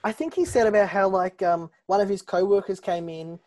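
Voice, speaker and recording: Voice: mid-range voice, a little fast, a little mellow. A co-host chatting casually on a podcast in a mid-range voice. The delivery is dry and teasing, full of likes and ums. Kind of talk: casual chat.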